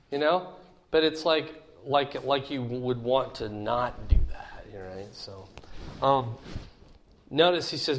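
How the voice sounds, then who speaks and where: A man's voice: medium pitch, normal speed. Man, middle-aged, Bible lesson, folksy, asks the listeners questions, slight background noise. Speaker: Bible teacher.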